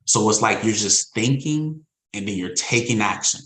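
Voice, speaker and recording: A man with a fairly low voice gives a motivational talk to his insurance sales team. He hammers his points home by repeating them, in a casual, emphatic, preacher-like way. The sound bounces around an echoey room. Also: expressive, normal speed, a bit bright. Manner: repetitive, emphatic, conversational preaching.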